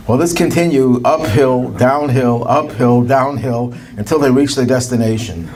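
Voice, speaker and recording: Storytelling rabbi, man, middle pitch. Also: normal speed, hardly any pauses, a little mellow. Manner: anecdotal, chuckles at his own jokes. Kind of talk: storytelling talk.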